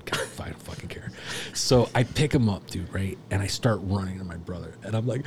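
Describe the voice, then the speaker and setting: Man, deep-ish, from South Texas; raw storyteller, swings loud to hushed, swears freely; noisy recording. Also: normal speed. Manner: animated, swearing, swings from loud laughing to hushed near-whispers. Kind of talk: casual storytelling chat.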